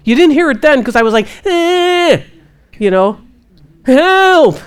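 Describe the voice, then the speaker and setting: Animated woman preaching casually. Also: fast talker, smooth. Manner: animated, quotes God in hushed low voice. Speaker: Christian minister answering questions. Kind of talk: casual spiritual teaching.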